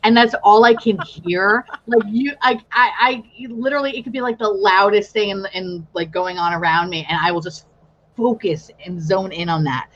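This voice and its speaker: A young woman chatting loosely as a host, swearing freely and laughing through her stories. Her voice sits at an ordinary pitch and comes through a slightly dull, lo-fi recording. She talks like she's with a friend. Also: a bit bright, slight background noise. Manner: profane, laughs often, quick storytelling. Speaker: podcast host. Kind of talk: casual chat.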